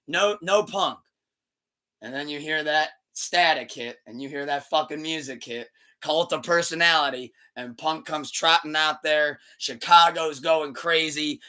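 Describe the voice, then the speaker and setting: Male podcast host, tense bright tone, animated retelling, casual and profane. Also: fairly high pitch, moderate pace. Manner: loose, rambling, swears freely; animated retelling with acted-out quotes. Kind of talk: casual chat.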